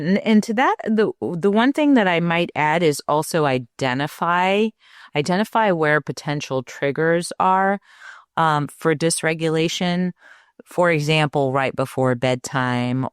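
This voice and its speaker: A woman co-hosting a parenting podcast, speaking in an affirming, unhurried conversational way. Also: sits low, clear, resonant tone, dry recording, studio quality. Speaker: podcast co-host, parenting doctor. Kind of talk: warm conversational podcast talk.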